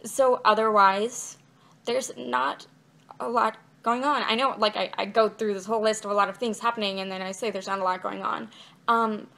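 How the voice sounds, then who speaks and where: A woman's voice: mid-range voice, fairly even intonation, moderate pace, creaky, pushed and bright. A young woman vlogging in a casual, rambling way, filling her talk with "like" and "um". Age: young adult. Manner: rambling and chatty, many fillers like "like" and "um". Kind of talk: casual chat to camera. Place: indoors, outside her bedroom.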